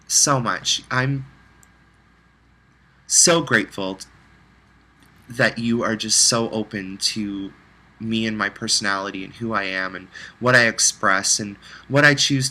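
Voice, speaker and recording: A man's voice: on the low side, a little slow, sharp tone, low-quality recording. A man recording a heartfelt, rambling personal video message, close to tears at times.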